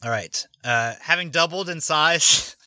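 Bright, dry-voiced male game master. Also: fairly high pitch, unhurried, no echo. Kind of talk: narrating a tabletop game.

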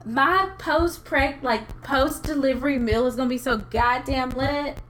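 Pregnant young woman co-host, high bright voice, profane joking banter, faint noise behind. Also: measured pace. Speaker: podcast co-host. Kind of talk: casual chat.

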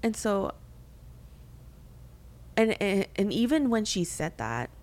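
A woman's voice: medium pitch, big pitch swings, takes it slowly, a little mellow. A young woman co-hosting a faith podcast, talking candidly and reflectively, with frequent fillers and restarts. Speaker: podcast co-host.

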